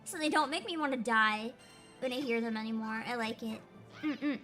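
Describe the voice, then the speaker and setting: A woman's voice: on the high side, normal speed, bright, forceful tone, faint music behind. A young woman streamer chatting casually and animatedly while playing a game, laughing often. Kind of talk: casual livestream commentary.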